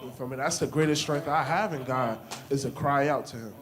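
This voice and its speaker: A man's voice: mid-range voice, a little fast, a bit bright. A man, talking about faith in a rhythmic, repetitive, preachy way. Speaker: discussion participant. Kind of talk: casual faith-based discussion.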